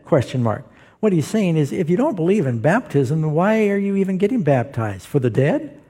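A man's voice: a little high, sing-song, moderate pace, mellow, slightly rough. A man preaching as a pastor, explaining Bible verses to a live audience in an emphatic, explanatory way. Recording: long hall reverb.

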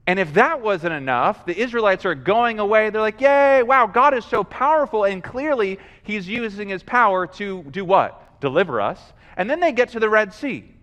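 High-voiced man preaching in a reverberant hall. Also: moderate pace, few pauses. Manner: animated storytelling, acting out scenes and asking the congregation for responses. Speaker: pastor. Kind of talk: sermon.

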